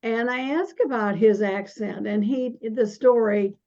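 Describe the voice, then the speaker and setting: An older woman guest speaking in a casual conversation, halting and often restarting her sentences. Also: on the high side, fairly even intonation, darkish tone. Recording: dull lo-fi audio.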